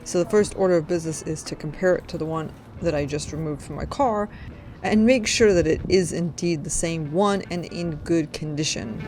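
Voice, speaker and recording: A woman's voice: low voice, moderate pace. A woman chatting casually in a car repair vlog, rambling with jokey asides. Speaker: DIY car repair vlogger. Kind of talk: casual chat. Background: background music.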